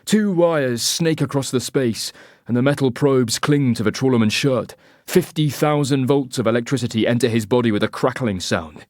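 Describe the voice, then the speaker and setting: A man reading a first-person thriller audiobook in a measured, tense, clipped way. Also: medium pitch, a little mellow, no room sound, clean studio sound. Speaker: audiobook narrator.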